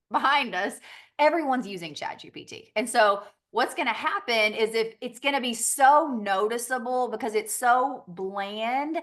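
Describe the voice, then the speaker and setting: Chatty Southern woman with a higher voice. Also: a bit bright. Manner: chatty, laughs often, acts out little quoted exchanges. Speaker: business trainer on a team call. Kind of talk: conversational training talk.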